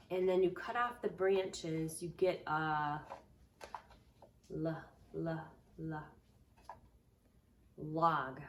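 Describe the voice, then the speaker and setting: Slow, animated woman teaching preschoolers. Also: lowish voice, a little hiss or hum. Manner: slow, sing-song, exaggerated for small children; drops to soft whispers for surprise. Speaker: daycare teacher. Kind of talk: preschool lesson to camera.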